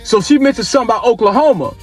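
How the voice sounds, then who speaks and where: Male vlogger, higher-pitched, loose rambling storyteller who circles back on his phrases. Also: animated, very fast, breathy edge, faint music behind. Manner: rambling, repeats and restarts phrases, slangy. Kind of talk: casual storytime.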